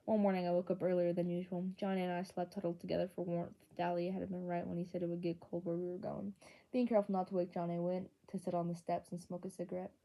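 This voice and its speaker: A woman's voice: lowish voice, level tone, fast, creaky, dark tone. A woman reading a novel chapter aloud in an earnest way, with small slips and restarts. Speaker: audiobook reader. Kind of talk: amateur audiobook narration.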